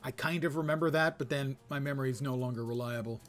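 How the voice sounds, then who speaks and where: A man casually commenting on his game in a relaxed, self-deprecating way, reading game text aloud. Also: medium pitch, fast. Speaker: game streamer.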